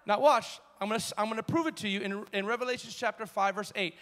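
Bright-voiced preacher in a reverberant hall. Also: male voice, high voice. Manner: emphatic call-and-response preaching, slowing down on key words. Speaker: pastor. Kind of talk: sermon. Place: church sanctuary.

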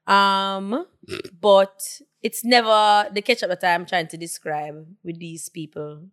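A woman's voice: mid-range voice, level tone, slow pace, a bit bright, clean tone. A woman, co-hosting a casual podcast chat, tipsy, playful and self-mocking. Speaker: podcast co-host.

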